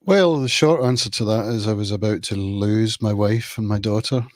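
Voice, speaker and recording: A man from Scotland with a Scottish accent, a podcast guest speaking calmly and candidly about his past over a video call. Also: on the low side, dry recording. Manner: calm, candid, measured storytelling. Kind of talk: personal recovery story in an interview.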